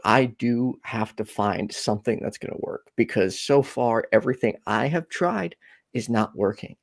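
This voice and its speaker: A man hosts a call-in show, his voice swinging widely and lively as he jokes and reflects on himself. His tone is a little husky, and the recording is dry, with no reverb. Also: mid-range voice. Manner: animated, goofy and openly self-reflective. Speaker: show host. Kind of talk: casual chat on a call-in show.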